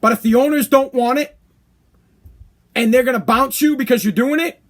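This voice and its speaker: A man's voice: extremely high pitch, moderate pace. A man hosting a podcast from a hot room downstairs, ranting in a heated, profane way and repeating himself for emphasis. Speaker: podcast host. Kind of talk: opinion rant podcast.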